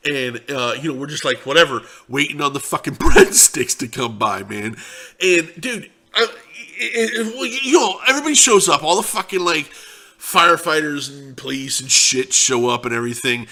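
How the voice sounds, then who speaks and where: A man's voice: fairly high pitch, lively intonation, normal speed, bright, forceful tone. Profane, rambling young man telling a story. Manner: profane, rambling, laid-back. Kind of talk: casual anecdote.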